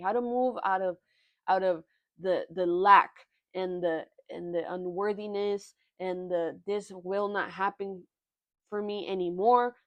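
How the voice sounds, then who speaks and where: Young woman doing a tarot reading, emotional and kinda halting, dry close sound. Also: mid-range voice, no room sound. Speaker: tarot reader. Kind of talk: pick-a-card tarot reading.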